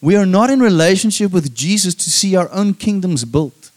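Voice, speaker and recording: A man preaching a sermon, emphatic and calling for amens, moving between loud stressed lines and soft hushed passages. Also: high voice, expressive, normal speed. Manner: emphatic, calls for "Amen?" from the congregation.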